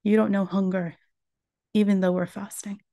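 A woman's voice: medium pitch, little pitch movement, moderate pace, warm tone, dry recording. A woman giving a religious lecture, earnestly retelling a survivor's story in her own words.

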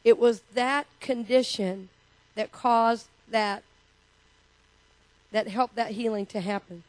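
A woman's voice: fairly high pitch, steady tone, slow pace, a little mellow, no room sound. A middle-aged woman minister preaching a sermon in a church. She talks in a personal, conversational way and leads the congregation in call-and-response. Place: church sanctuary.

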